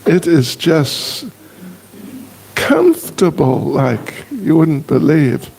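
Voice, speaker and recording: Slow gravelly older man joking with a congregation. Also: fairly high pitch, huge pitch swings, a little mellow. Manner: slow, teasing, self-deprecating humor. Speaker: guest speaker, monk. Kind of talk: casual joking address to a congregation.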